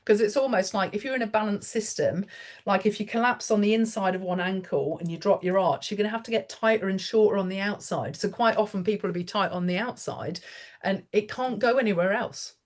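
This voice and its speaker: Woman therapist on a podcast, lively, does little voices when she quotes people. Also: medium pitch, fairly quick. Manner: animated storyteller, acts out quotes. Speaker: guest therapist. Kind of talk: podcast interview.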